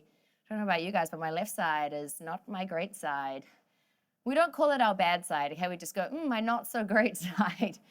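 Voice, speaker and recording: A woman leading a workout class, cheering people on, cracking jokes and counting down the final seconds of each set. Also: lowish voice. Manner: upbeat, joking, counts down reps. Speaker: fitness instructor. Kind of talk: energetic workout coaching.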